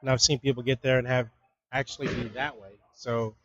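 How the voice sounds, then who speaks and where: A man coaching a bowler in casual practice chat, talking in a relaxed, rambling way with some playful teasing. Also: medium pitch, brisk, low-quality recording.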